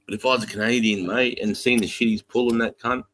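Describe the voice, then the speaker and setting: A man's voice: mid-range voice, fairly even intonation, fast talker, background noise. A man hosting a live stream, talking in a casual, profane and heated way.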